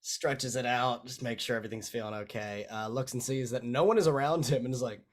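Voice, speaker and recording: A man's voice: medium pitch, fairly quick, slight background noise. A man playing a tabletop role-playing game, narrating what his character does in a rambling, self-deprecating way. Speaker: player.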